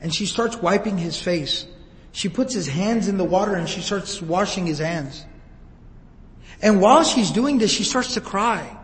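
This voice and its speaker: Man, preacher, emotive sermon, high voice, echoing hall. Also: lively intonation, unhurried. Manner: emotive, retells scenes with quoted voices. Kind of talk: sermon storytelling.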